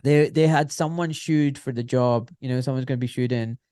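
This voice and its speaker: A middle-aged man, a surgeon telling candid stories as a podcast guest, blunt and animated, with some swearing. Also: mid-range voice, brisk, smooth, no room sound, studio quality. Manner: animated, blunt, swears, acts out quoted voices. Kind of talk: candid conversational storytelling.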